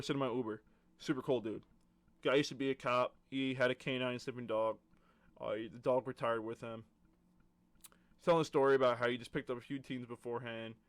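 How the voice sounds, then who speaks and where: A man's voice: medium pitch, no echo. A young man telling a casual storytime vlog in a rambling way, with lots of filler words and laid-back slang. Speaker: vlogger.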